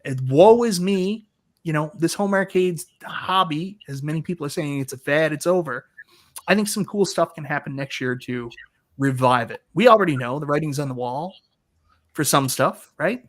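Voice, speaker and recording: A man's voice: fairly high pitch, lively intonation, normal speed. A man in his thirties hosting a casual panel chat over a video call, a jokey storyteller who laughs a lot. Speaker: host of an arcade talk show.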